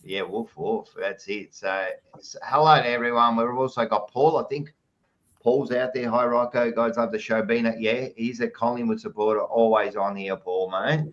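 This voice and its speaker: A man's voice: medium pitch, fairly even intonation, normal speed, fairly bright tone, muffled recording. An Australian man hosting a podcast, chatting casually and reading out live chat messages with jokey, blokey banter, calling everyone mate. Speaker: podcast host.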